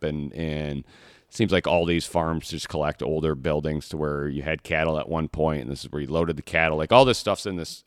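A Michigan man with a low, slightly bright voice tells a hunting story as a podcast co-host, rambling, repeating words and restarting sentences often. The sound is clean studio quality with no room sound.

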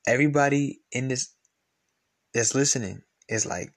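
On his podcast, a man rants at a moderate pace in a medium-pitched voice, arguing bluntly, swearing and repeating himself in a casual way.

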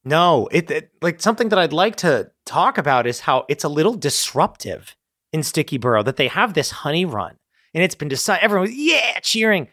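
A man with a slightly high voice talks fast and loose, swearing freely and jumping into quick voices for the characters he imagines. The sound is close and dry, with no room around it. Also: no echo. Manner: animated, profane, acts out characters' lines. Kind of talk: casual brainstorming chat.

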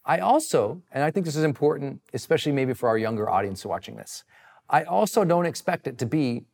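A man giving a motivational talk and answering audience questions, energetic and emphatic, swinging his pitch wide for emphasis. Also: a little fast, vocal fry, in a large hall. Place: live session with friends present.

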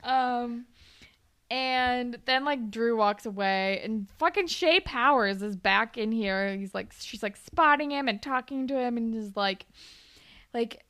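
Creaky-voiced young woman chatting. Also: fairly high pitch, slow pace, a bit bright. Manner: chatty, lots of "like", laughs often, acts out characters' lines. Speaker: podcast co-host. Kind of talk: casual chat recapping a TV show.

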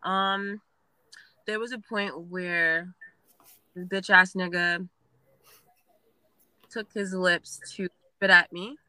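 A woman's voice: fairly low pitch, takes it slowly, long pauses, no echo, rough recording. A young woman telling a story bluntly, with plenty of swearing. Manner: blunt, profane, animated. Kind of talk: casual storytelling.

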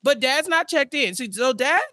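A man co-hosting a podcast in casual recap chat, acting out characters in quick voices. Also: extremely high pitch, animated, bright, forceful tone, no echo, studio quality. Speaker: podcast co-host.

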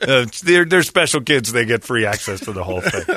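A man in his forties, a radio show host, telling casual stories on a podcast and breaking into loud high impressions and shouts. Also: big pitch swings, fairly quick, dry recording, clean studio sound. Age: 40s.

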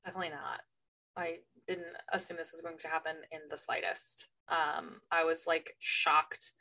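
A woman's voice: low voice, level tone, normal speed, bright, forceful tone. A woman co-hosting a book club podcast, chatting casually about a novel. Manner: chatty, reacting with surprise. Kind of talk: casual chat.

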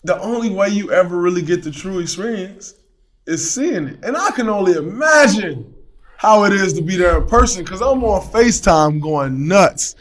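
A man in casual chat, telling stories with animated energy and acting out his own shouts. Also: sits high, normal speed. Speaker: guest, pro athlete.

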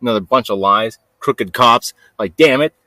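A man hosting a podcast, telling a story in a rambling, restless way that swings from low mutters to sudden loud bursts. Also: moderate pace. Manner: rambling, restless, talks to himself with lots of "like" and "freaking". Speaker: podcast host. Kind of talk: casual storytelling monologue.

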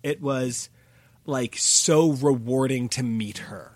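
A man co-hosting a podcast, telling a story in an animated, excitable casual chat. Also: mid-range voice, takes it slowly, no room sound. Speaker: podcast co-host.

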